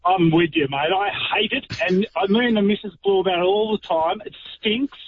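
A man's voice: high-pitched, brisk, breathy edge, lo-fi sound. A man calling in to a radio show, blunt and emphatic. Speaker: caller. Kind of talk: phone-in rant.

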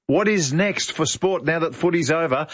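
Give me a chatty Australian man co-hosting a radio show, fairly high voice, dry dull audio. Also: moderate pace, no echo. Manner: excitable, chatty. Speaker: radio co-host. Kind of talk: talkback radio banter.

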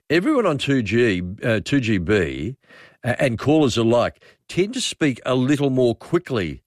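An Australian man hosts a talkback radio show in a relaxed, rambling way. His voice sits low but moves a lot in pitch. The sound is dry and close. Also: dry recording. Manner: rambling, relaxed, reads listener messages aloud. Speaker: radio host. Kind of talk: casual talkback radio chat.

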